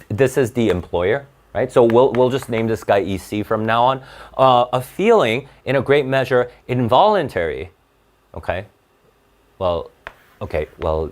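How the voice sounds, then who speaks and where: A young male tutor walks students through a reading passage in a relaxed, blunt way. His pitch swings widely as he keeps asking rhetorical questions, with plenty of "uh" and "right?" along the way. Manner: casual, blunt and animated, asking rhetorical questions with many fillers. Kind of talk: online tutoring lesson, reading a passage aloud and explaining it.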